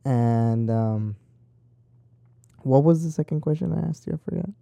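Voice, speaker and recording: Casual talker: young man, dark gravelly tone, dry close sound, chatty and profane. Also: mid-range voice, measured pace, no echo. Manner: rambling, profane and talkative. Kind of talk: casual chat.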